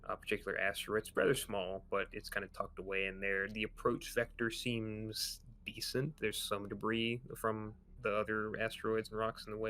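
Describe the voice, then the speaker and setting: A man narrating as the game master of a sci-fi tabletop game, in a relaxed way with many pauses and "um"s. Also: lowish voice, slight background noise.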